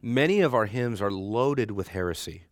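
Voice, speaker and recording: A man's voice: lowish voice, lively intonation, moderate pace, dry recording. A man teaching a Bible class in a conversational lecture, joking with and teasing his students and laughing often.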